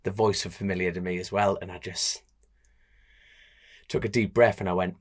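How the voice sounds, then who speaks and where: A man's voice: lowish voice, a little fast. A young man with a Geordie accent, chatting on a podcast and telling a story while acting out the voices. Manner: animated storyteller, acts out voices, laughs often. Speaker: podcast co-host, road racer. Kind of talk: casual chat, storytelling.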